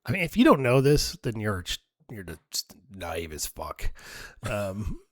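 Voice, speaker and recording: A man's voice: fairly low pitch, sing-song, a little slow, no room sound, studio quality. A man in his forties co-hosting a casual chat, a blunt and profane storyteller. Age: 40s. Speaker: podcast co-host.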